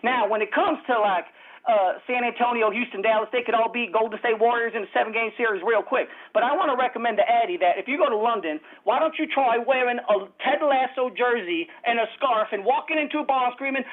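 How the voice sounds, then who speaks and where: A male caller with a Chicago accent who rattles on and jumps from topic to topic. He comes through a tinny, narrow phone line. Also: very high voice. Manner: rapid rambling, jumps topics.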